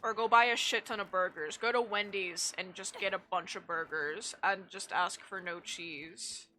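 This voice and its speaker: Casting note: young woman streamer, blunt and profane, bright voice, faint game music behind. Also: mid-range voice, steady tone, moderate pace. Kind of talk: casual chat while gaming.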